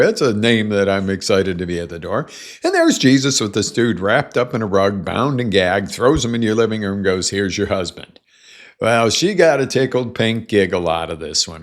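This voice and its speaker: A man's voice: deep voice, gravelly. A middle-aged man coaching on a live show from a small studio, telling a story and acting out both sides of the conversation. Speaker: motivational coach. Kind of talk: casual live-show monologue.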